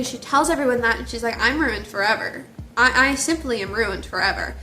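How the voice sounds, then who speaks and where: A young woman casually retelling a book series, animated and jokey. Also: on the high side. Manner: animated, gushing, jokey storytelling. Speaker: book reviewer. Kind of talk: casual chat.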